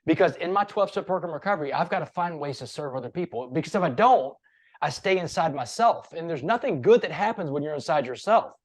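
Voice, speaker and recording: A man's voice: fairly high pitch, animated, quick pace. Man motivational speaker on a podcast, earnest, emphatic, kinda preachy. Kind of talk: casual interview chat.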